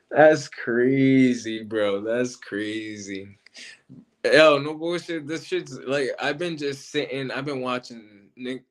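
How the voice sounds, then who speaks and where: Slangy, animated man talking battle rap. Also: mid-range voice, takes it slowly. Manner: animated, slangy, repeats himself. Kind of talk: casual commentary monologue.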